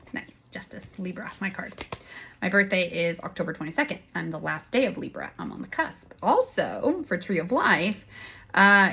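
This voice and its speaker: A woman hosting a casual tarot-reading vlog. She talks bluntly and swears, laughs often, and swings between loud bursts and hushed asides. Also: mid-range voice, gravelly, slight background noise. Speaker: tarot reader and channel host.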